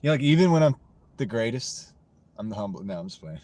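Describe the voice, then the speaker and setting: A man's voice: mid-range voice, expressive, brisk, mellow, no echo. An American man chatting casually with his livestream viewers from his parked car, joking and rambling as he reads comments. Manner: joking, rambling, talks to chat. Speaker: livestreaming gig-delivery driver. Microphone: wireless mini clip-on mic.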